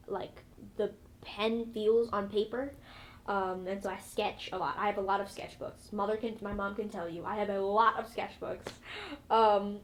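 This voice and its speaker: A woman's voice: mid-range voice, slight background noise. A young woman, an actress, chatting in an interview with a bubbly, rambling manner full of fillers. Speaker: actress guest. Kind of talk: casual interview.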